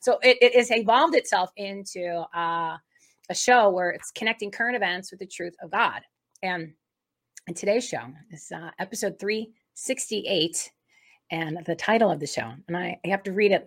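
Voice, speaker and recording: A woman co-hosting a faith talk show, opening the episode in a rambling, excitable way with many restarts. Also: medium pitch, normal speed. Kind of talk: casual spoken introduction.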